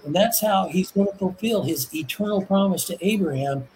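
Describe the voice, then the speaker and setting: A man explaining Bible prophecy in a relaxed conversation, earnest and enthusiastic, often restarting and repeating words. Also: high-pitched, moderate pace, a little hiss or hum, rough recording. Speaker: Bible teacher. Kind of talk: casual religious discussion.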